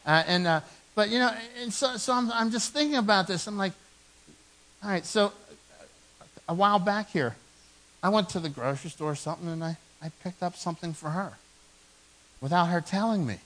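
A man in his forties preaching a sermon in a church, telling stories with animated, self-mocking humor. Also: high voice, a little fast, long pauses, low-quality recording. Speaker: pastor. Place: church sanctuary.

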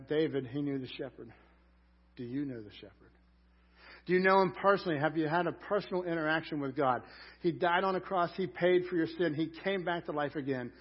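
A man preaching a sermon in a conversational way, rising loud on scripture lines. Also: a little high, husky, lo-fi sound. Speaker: pastor.

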